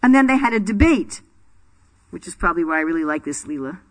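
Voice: mid-range voice, sing-song, quick pace. A spiritual teacher telling a sacred story to a class in a loose, chatty way. The teacher laughs often and stops to quiz the listeners. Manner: chatty, laughing, quizzes the audience.

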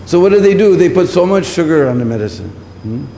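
Talking fast and very animatedly, this preacher has a slightly high, warm voice. He lectures on scripture, repeats himself for emphasis and keeps checking with the audience by asking "hmm?". A long hall reverb and faint background noise are audible.

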